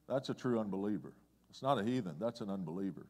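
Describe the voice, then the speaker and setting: A man preaching a conversational sermon as pastor, swinging between loud excitement and hushed, low asides. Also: fast talker. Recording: long hall reverb.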